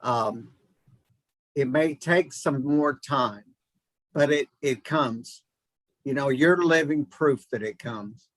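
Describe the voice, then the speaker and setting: A man hosting an interview talks in a conversational, encouraging way. His voice sits at a middling pitch. The recording is dry, with no room sound. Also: takes it slowly, long pauses, no echo, rough recording. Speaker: host. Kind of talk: casual interview.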